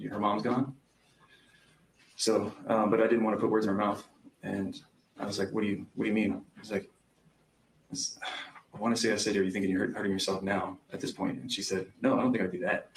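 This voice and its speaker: Young male witness on the stand, gravelly low voice, hesitant recounting. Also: slight background noise, poor audio. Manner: hesitant, recounting events with frequent ums. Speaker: trial witness. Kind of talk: courtroom testimony.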